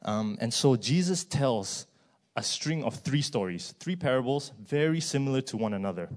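A man's voice: mid-range voice, animated, moderate pace, a little mellow. A man, preaching a sermon in a church in a conversational way, with frequent fillers and a tag "right?".

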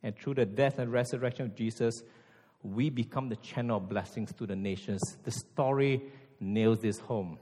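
A man's voice: mid-range voice, moderate pace. Man preaching with emphatic, hall-echo voice. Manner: emphatic, rhetorical questions, drops to hushed intensity. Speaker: pastor. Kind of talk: sermon. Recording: long hall reverb.

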